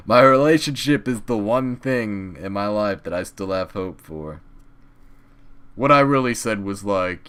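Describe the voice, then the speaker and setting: Young male vlog host, low-ish voice, crude rambling rant, sudden loud bursts. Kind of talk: crude rambling comedic monologue.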